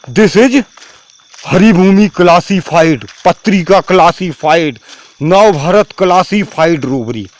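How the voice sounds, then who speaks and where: Very high-voiced man. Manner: halting, repetitive, restarts phrases. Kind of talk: rambling talk to camera.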